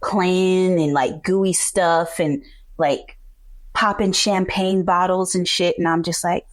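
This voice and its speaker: Woman, podcast host, casual chat, candid, swears freely, laughs often, lower pitch. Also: steady tone, slow.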